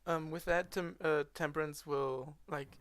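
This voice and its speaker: A woman's voice: low voice, steady tone, measured pace. A woman playing a tabletop game, describing her character's actions hesitantly and repeating words. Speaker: player.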